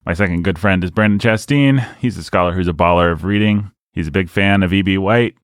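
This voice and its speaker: A tired man hosts a podcast with a rambling, self-mocking joking manner. His voice sits fairly low, and the recording is dry and close. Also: brisk, dry recording. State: tired from lack of sleep. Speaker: podcast host. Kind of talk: casual comedic chat.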